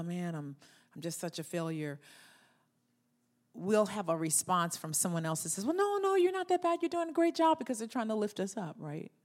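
In a deep voice, a woman pastor brings energy to her sermon, voicing inner thoughts aloud and drawing the congregation into call-and-response.

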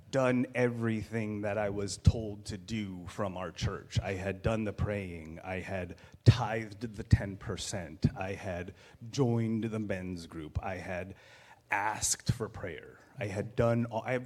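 A man in his thirties telling a candid personal story as a guest, animated and self-deprecating, acting out what was said. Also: on the low side, slow.

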